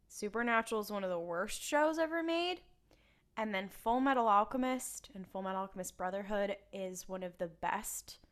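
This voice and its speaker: A woman's voice: mid-range voice, a bit bright. Joking woman podcast co-host. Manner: quick, joking asides. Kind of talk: casual recap chat.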